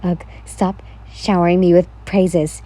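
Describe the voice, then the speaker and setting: A woman voicing a gruff, irritable teenage boy in a read-aloud fan fiction story. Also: fairly low pitch, little pitch movement, unhurried, mellow, pitched below the performer's own voice. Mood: grumbling.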